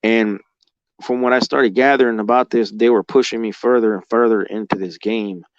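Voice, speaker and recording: A man with a fairly low voice tells his own story in a loose, rambling way, swearing constantly and leaning on "like" as filler. He sounds raw and emotional. The recording is dry and close, with slightly dull, lo-fi audio. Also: fairly even intonation, normal speed, dry recording. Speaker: guest recounting experiences. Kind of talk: casual spoken storytelling.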